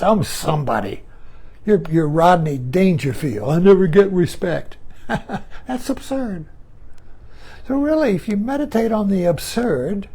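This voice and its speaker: A woman's voice: mid-range voice, mellow, slightly rough. A woman giving a reflective spiritual talk as a meditation teacher, musing, repeating phrases and chuckling often.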